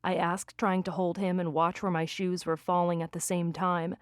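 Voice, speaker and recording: A woman reading a first-person romance audiobook with lively, expressive delivery on a close studio mic. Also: fairly low pitch, normal speed, smooth, no echo. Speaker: audiobook narrator.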